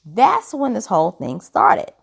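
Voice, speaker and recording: Gravelly-voiced woman giving skeptical commentary. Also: fairly high pitch, wildly swooping pitch, unhurried. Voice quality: dry throat. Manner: opinionated, skeptical, rhetorical questions. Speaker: commentary vlogger. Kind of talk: casual commentary monologue.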